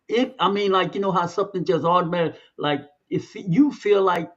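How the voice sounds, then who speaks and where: A man's voice: sits high, moderate pace, hardly any pauses, fairly bright tone, lo-fi sound. A man co-hosting a podcast, talking in a loose, conversational way and drawing out the words he wants to stress. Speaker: podcast co-host. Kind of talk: casual chat.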